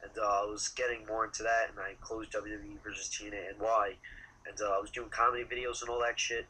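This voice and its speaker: Male guest in a casual interview, very bright and forceful tone, rambling and loose with curse words. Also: on the low side, flat delivery, poor audio. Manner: rambling, halting, casually profane. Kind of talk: casual chat.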